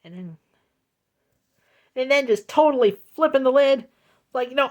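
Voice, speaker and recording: A woman telling a storytime vlog into her phone, slow, deliberate and emphatic, repeating her points for weight. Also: high-pitched, animated, darkish tone. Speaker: vlogger.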